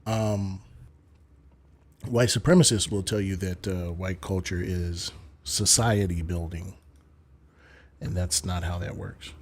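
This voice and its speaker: Low-voiced man lecturing on a stream. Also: fairly even intonation, slow, pauses often. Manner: lecturing, emphatic, swears casually. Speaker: streamer debating callers. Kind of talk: live-stream debate commentary.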